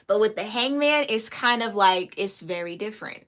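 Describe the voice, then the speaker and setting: A woman's voice: mid-range voice, expressive, moderate pace, fairly bright tone, a little hiss or hum. A woman giving a casual, chatty tarot reading, slangy and laughing often. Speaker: tarot reader.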